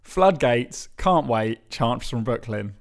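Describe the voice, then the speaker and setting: Male podcast co-host, wry and chuckling, mid pitch with a lively, wide-ranging melody. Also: slow pace, gravelly. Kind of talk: casual chat, reading listener emails aloud.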